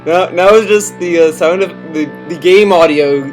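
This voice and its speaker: A man's voice: high voice, normal speed, faint music behind. A man co-hosting casual stream commentary, amused and laughing often. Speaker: streamer co-host.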